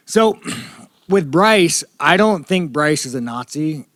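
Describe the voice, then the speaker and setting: Brief: man in his thirties, fighter at a media scrum, profane and rambling, slightly high voice, dry sound. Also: a little slow, fairly bright tone, no room sound.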